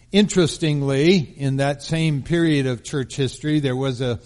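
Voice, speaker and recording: Male pastor, mid pitch, measured storytelling sermon, long hall reverb. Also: darkish tone. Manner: measured storytelling delivery, slowing for emphasis.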